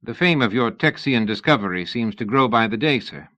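A man voicing a sly, cocky young male dandy who talks smoothly, in an audiobook reading. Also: medium pitch, expressive, brisk, pushed and bright, no echo, highs cut off.

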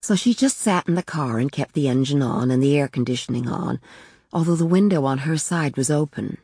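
A woman narrating a short story in a calm, even manner. Her voice is very low and husky. The sound is dry and close. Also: a little fast, no room sound. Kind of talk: reading a short story aloud.

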